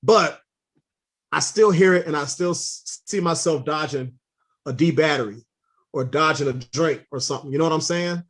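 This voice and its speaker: A man being interviewed for a podcast, answering in a thoughtful, measured way. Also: fairly high pitch.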